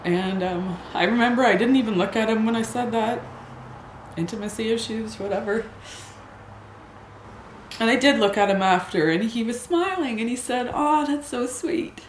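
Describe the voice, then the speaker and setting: A woman telling a personal story in a hesitant, halting way, often restarting her sentences. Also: a little high. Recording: echoey room with noise.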